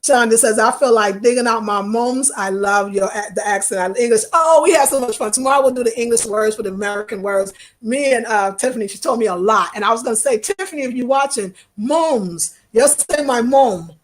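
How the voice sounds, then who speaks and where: Woman, New York accent, high-pitched, animated, casual live-stream chat. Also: quick pace. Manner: animated, expressive, talks straight to viewers. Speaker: travel vlogger.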